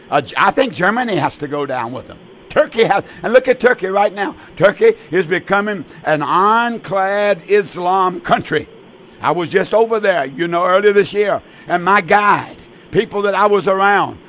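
Man in his 80s, radio preacher, earnest, halting, slightly high voice. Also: a bit bright, slight background noise. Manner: halting, repeats words, earnest.

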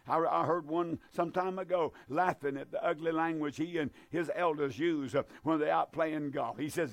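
A man preaching a fervent sermon, emphatic and repetitive, with drawn-out stresses. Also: a little high, steady tone, creaky, no echo.

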